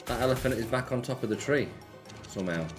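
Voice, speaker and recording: A man's voice: medium pitch, quick pace, over music. A man hosting a casual live stream, chatting offhandedly and answering viewer messages. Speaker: slots streamer.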